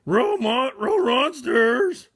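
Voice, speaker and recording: A man putting on a high, yelping cartoon dog, always hungry and easily frightened. The words come out mangled into bark sounds, loud and stretched. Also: sing-song, very slow, husky, no room sound, studio quality, heavily acted. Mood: panicked. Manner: turns words into barking sounds. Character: Scooby, cartoon male dog with a hungry, scared, garbled bark-speech.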